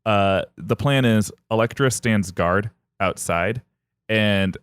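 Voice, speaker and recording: A man's voice: on the low side, clean tone, no room sound. A man hosting a podcast, retelling a myth in a comedic chat and briefly acting out the characters. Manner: animated, acts out characters in quick bits.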